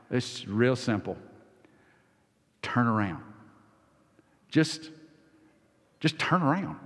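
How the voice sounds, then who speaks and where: A man preaching a sermon as pastor, folksy, acting out quoted voices and swinging from loud to soft. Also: mid-range voice, big pitch swings, slow pace, pauses often. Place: church sanctuary. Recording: long hall reverb.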